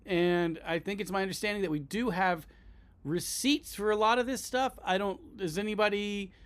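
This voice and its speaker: A man's voice: sits high, moderate pace, a bit bright. A man on a comedy podcast, riffing dryly and talking himself into an idea. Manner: dry, talks himself into ideas.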